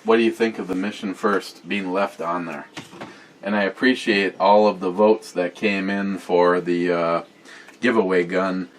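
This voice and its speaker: A man with a fairly low voice hosts a casual beer review vlog. He rambles off the cuff, fills his talk with "uh," and reads viewer comments aloud. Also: fairly even intonation, a little slow, slight background noise. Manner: rambling, off-the-cuff, with many fillers.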